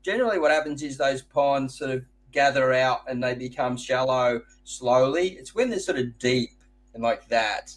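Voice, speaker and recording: An Australian man hosting a live gardening Q&A, chatting casually and rambling into jokey stories. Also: mid-range voice. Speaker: host.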